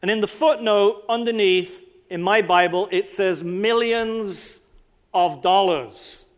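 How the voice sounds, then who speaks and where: A man's voice: high-pitched, slow pace. A man preaching a sermon, talking conversationally and putting rhetorical questions to his listeners.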